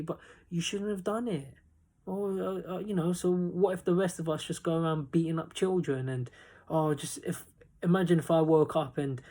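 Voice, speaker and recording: A man's voice: fairly high pitch, darkish tone, husky. A man hosting a casual opinion vlog, rambling and indignant, often repeating himself. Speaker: commentary channel host.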